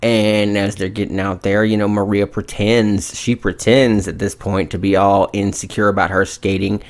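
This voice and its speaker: A low-voiced man co-hosting a podcast who recaps a movie plot with animated, profane energy. He talks in a casual, loose way. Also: normal speed. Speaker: podcast co-host.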